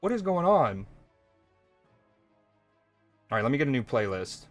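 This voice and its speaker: A man's voice: medium pitch, very animated, a little slow, faint music behind. A man from Georgia, casually chatting with viewers and joking while he streams a card game. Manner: laid-back, joking, chatting with chat while playing. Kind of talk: casual live-stream chat.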